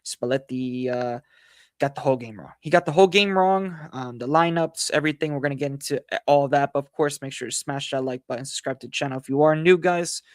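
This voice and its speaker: A man hosting a football analysis livestream, hoarse from losing his voice, talking in a frustrated, rambling way full of fillers and repeated phrases. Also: mid-range voice, steady tone, quick pace, no echo, clean studio sound. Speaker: football channel host.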